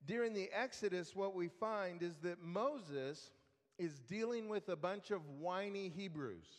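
A man teaching a Bible study lesson in a relaxed, conversational way, with fillers and restarts. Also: high-pitched, measured pace, long reverb tail.

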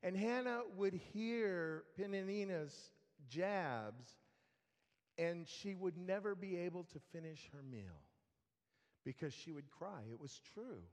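A man preaching a sermon, telling a story slowly with dry humor and talking straight to the congregation. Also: high-pitched, animated. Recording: long hall reverb.

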